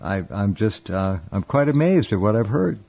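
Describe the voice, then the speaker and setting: A man hosting a radio talk show, casual and halting, often restarting his phrases. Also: on the low side, very animated, vocal fry, dark tone. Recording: dull lo-fi radio sound.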